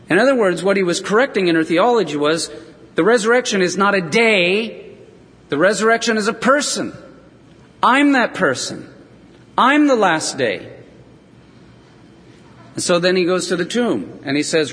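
Husky male preacher in a reverberant hall. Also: sits high, animated, moderate pace, long pauses, a bit bright. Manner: storytelling, acts out voices of scripture figures. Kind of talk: sermon. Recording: long reverb of a large hall.

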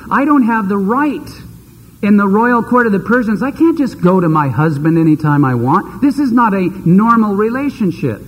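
A reluctant young queen quickly listing her excuses, as a male preacher voices her. His husky voice stays close to his own and echoes in a long hall. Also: sits high, very animated, heavily acted. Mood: exasperated. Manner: brisk, making excuses. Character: reluctant, exasperated queen Esther, woman.

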